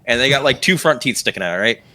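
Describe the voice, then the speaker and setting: A man's voice: mid-range voice, lively intonation, quick pace, pushed and bright. A young man narrating a tabletop game as game master, rambling with many fillers.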